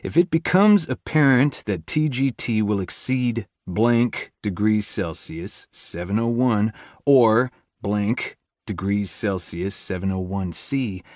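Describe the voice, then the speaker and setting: A man's voice: fairly low pitch, darkish tone, dry recording, studio quality. A man narrating a first-person audiobook chapter with a tense inner-monologue manner.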